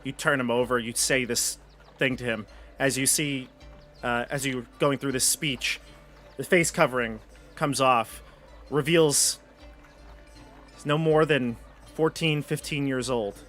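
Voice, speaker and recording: Casual male game master, relaxed descriptive narration, soft music underneath. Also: medium pitch, measured pace, pauses often. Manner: relaxed, descriptive with frequent restarts. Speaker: dungeon master.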